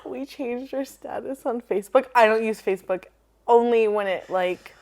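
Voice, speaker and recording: A woman's voice: on the high side, normal speed, darkish tone. A young woman co-hosting a casual podcast chat, bubbly and upbeat. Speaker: podcast co-host.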